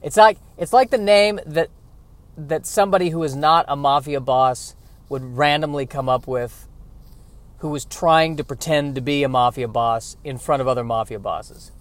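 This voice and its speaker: A man riffing comedically as a podcast host, animated and self-interrupting. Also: on the high side, moderate pace.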